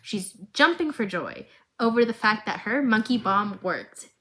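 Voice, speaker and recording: Expressive young woman in a casual vlog. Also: mid-range voice, unhurried, rough recording. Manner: dramatic and expressive, talks to viewers directly with asides. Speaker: video creator recapping a series. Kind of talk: casual emotional retelling.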